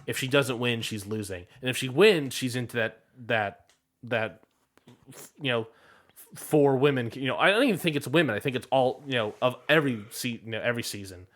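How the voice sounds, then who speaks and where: A man's voice: mid-range voice, animated, moderate pace, a bit bright. Chatty man podcast co-host. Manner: analytical, quotes stats he looks up. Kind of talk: casual chat.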